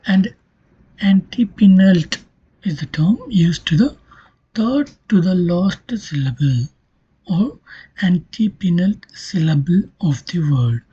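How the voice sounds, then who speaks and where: A woman giving a recorded linguistics lecture, explaining slowly, her voice often dropping to a near-whisper. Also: fairly low pitch, dark tone, husky. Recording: dull lo-fi recording.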